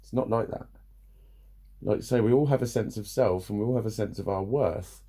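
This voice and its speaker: Sweary man, mellow voice. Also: on the low side, brisk. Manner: blunt, sweary, frequent laughs. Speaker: vlogger. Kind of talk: casual rant to camera.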